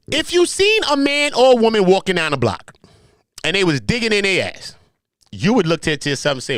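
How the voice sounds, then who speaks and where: A man's voice: fairly high pitch, a bit bright, no room sound. A man hosting a podcast, giving profane, joking reaction commentary. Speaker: podcast host.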